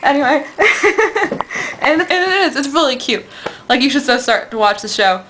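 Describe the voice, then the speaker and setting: A woman's voice: high voice, lively intonation, a little fast, fairly bright tone, a little hiss or hum, rough recording. A woman rambling to the camera in a casual vlog, gushing and giggly, and acting out quoted lines in bouncy voices. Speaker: vlogger.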